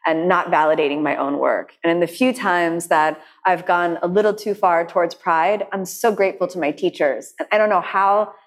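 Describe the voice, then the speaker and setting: A woman's voice: on the low side, normal speed, few pauses. A woman yoga teacher giving a reflective talk to a class and then taking questions, speaking thoughtfully with frequent restarts. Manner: reflective, warm storytelling with many restarts. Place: studio class with people also joining online.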